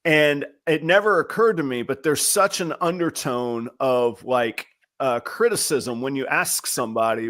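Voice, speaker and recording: A man's voice: mid-range voice, measured pace, a bit bright. A man hosting a podcast, telling candid, self-deprecating work stories and acting out the quotes in them. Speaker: podcast host. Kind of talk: casual chat.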